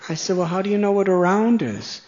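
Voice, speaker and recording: A man telling a story slowly, chuckling at his own tale. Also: sits high, animated, dull audio, noisy background. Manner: slow, chuckling anecdote telling. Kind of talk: storytelling talk.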